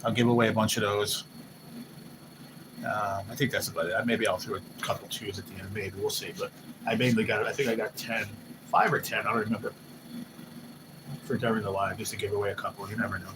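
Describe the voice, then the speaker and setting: A man hosting a live stream, chatting casually and excitably, swearing loosely and often mimicking what others said. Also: lowish voice, a little fast, pauses often. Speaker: livestream host. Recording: noisy background hum.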